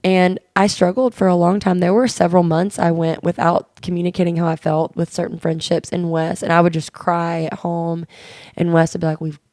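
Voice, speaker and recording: Earnest woman with a gravelly edge. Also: fairly low pitch, level tone, brisk, darkish tone, dry recording, studio quality. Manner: earnest, open storytelling with quoted dialogue. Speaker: podcast co-host. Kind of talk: candid conversational chat.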